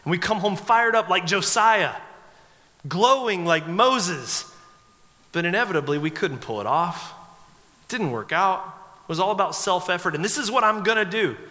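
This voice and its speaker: Preacher man in his forties with a high, forceful voice, telling funny stories from the pulpit; long church reverb. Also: expressive, moderate pace. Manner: conversational, humorous storytelling. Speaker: pastor. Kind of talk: sermon.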